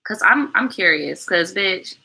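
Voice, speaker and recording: A woman's voice: mid-range voice, lively intonation, unhurried, creaky, sharp tone, husky, poor audio. A woman hosting a storytime channel, reacting to a viewer's story in blunt, slangy, profane casual chat. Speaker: storytime YouTuber reading viewer stories.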